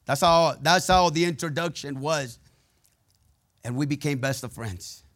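Higher-voiced man preaching a conversational sermon. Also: unhurried, fairly bright tone. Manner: conversational preaching with call-and-response asides; storytelling, candid and plainspoken.

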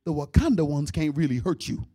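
A man telling a comic story in an animated way, with loud outbursts. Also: on the high side, a little fast, breathy edge, dry recording, clean studio sound. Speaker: comedian. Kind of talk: comedic storytelling.

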